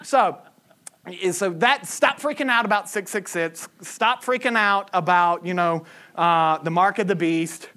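A pastor preaches a humorous sermon to a congregation during a church service, acting out quoted voices. His mid-range voice is bright and forceful, delivered at a measured pace.

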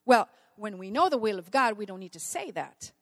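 A woman's voice: medium pitch, big pitch swings, normal speed, no echo. A woman born in the Netherlands preaching a sermon, telling stories earnestly and asking her listeners questions.

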